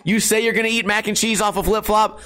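A man's voice: high-pitched, fairly even intonation, fast talker, bright, forceful tone. A man, rambling and joking profanely as a streamer talking to his webcam at home. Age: 30s. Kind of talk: casual rambling vlog. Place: hot house. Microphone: webcam setup at home.

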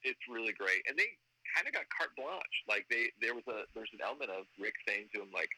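A man, a guest writer, telling stories in a casual interview and breaking into animated exclamations. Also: brisk, slight background noise, rough recording. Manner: animated, bursts into high-pitched acted exclamations.

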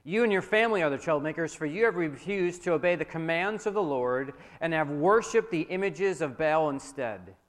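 A man voicing a defiant old male prophet who speaks out loud and forceful, with long hall reverb. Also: fairly high pitch, animated, a little fast, few pauses, voice pushed up, close to an everyday voice. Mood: commanding.

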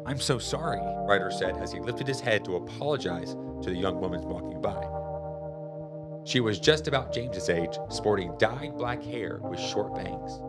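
A man reading a children's chapter book aloud in a lively, expressive storytelling manner. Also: sits low, normal speed. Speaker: storybook reader. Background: music.

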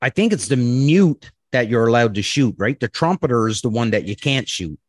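A man hosts a podcast in loose, rambling chat, with swearing and fillers all through. His voice sits at an ordinary middle pitch. The sound is dry and close, with no room around it. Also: expressive, normal speed, dry recording. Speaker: podcast host. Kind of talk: casual chat.

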